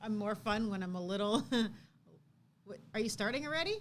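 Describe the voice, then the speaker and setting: A woman in her thirties co-hosting a livestream, chatting casually and telling an animated story, acting out quotes loudly. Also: medium pitch, normal speed, a little hiss or hum. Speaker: co-host.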